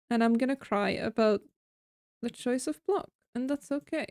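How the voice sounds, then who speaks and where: A woman's voice: on the high side, normal speed, darkish tone, no echo, studio quality. A woman streaming a game, chatting casually and thinking aloud while she builds, mocking herself now and then. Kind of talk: casual gameplay commentary.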